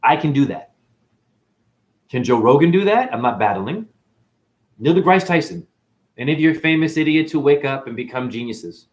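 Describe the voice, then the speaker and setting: A man giving a preachy, boastful spiritual monologue to camera, breaking into sudden loud outbursts. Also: fairly high pitch, lively intonation, normal speed, pauses often. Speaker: self-styled spiritual teacher.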